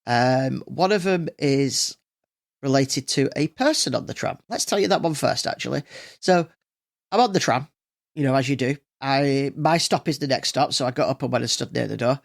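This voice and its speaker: Gravelly man chatting casually. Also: mid-range voice, moderate pace. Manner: rambling, many fillers and restarts. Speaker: podcast host. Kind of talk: casual solo chat.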